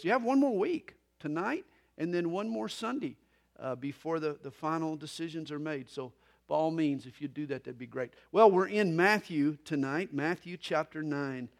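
A pastor in his fifties leading a Bible study, preaching earnestly with folksy jokes mixed in. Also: a little high.

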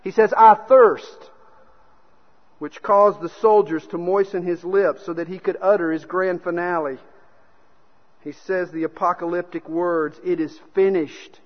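Preaching at normal speed in a high voice with fairly even intonation, this pastor weaves stories into his sermon and performs the voices of those he quotes. The sound is dull and rings with long hall reverb.

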